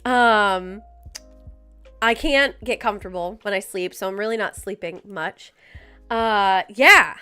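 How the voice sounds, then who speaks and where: Young woman streamer, high lively voice, unhurried chatty delivery, faint music underneath. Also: clear, resonant tone. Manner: chatty, giggly, reads out viewer names. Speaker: livestream host. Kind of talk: casual chat with viewers. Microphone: desk mic with headphones.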